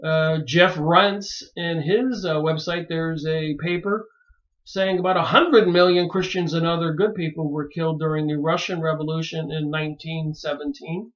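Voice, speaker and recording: Brief: man with a high voice, emphatic monologue, dull lo-fi sound. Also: fairly even intonation, moderate pace, a bit bright. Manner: emphatic, rising to pleading exclamations. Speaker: video maker reviewing books. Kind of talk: monologue to camera.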